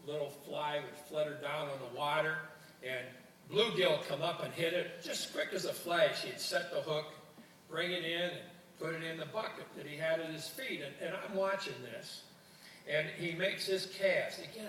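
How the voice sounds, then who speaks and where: A man's voice: a little high, sharp tone. Older man giving a folksy speech in a hall. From Ohio. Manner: folksy storyteller, repeats words and restarts. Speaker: guest speaker, former coach. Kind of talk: after-lunch speech with jokes. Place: university student union luncheon hall. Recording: roomy hall, distant mic, faint room noise.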